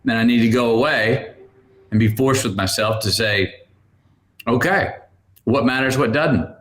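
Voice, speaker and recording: A man's voice: medium pitch, measured pace. A man in his fifties, a guest on a podcast, telling stories with lots of laughter and acted-out voices. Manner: animated storyteller, acts out quoted voices, laughs often. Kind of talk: storytelling in a podcast interview.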